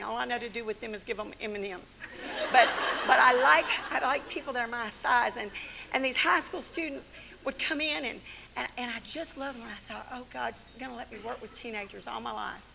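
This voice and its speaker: An older woman teaching the Bible to a women's church gathering in an animated, folksy sermon full of stories and laughs. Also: on the high side, creaky, noisy background. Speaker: Bible study teacher and speaker.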